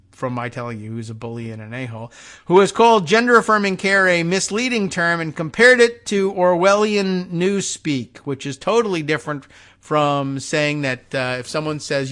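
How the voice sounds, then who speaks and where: A male podcast host offers sarcastic, rambling political commentary on a talk show, repeatedly restarting sentences as he works through a point. His voice is slightly high for a man and fairly bright.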